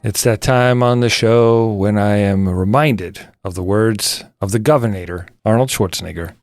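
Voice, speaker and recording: A man co-hosting a music podcast in relaxed casual chat, laughing easily with his co-host. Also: fairly low pitch, normal speed.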